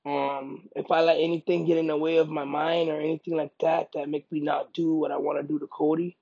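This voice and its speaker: A man's voice: fairly high pitch, a little fast, vocal fry, slightly rough, dry recording, lo-fi sound. A man, a fighter being interviewed, talking casually and emphatically, repeating his points. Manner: emphatic, repeats himself, bursts into loud excited quoting.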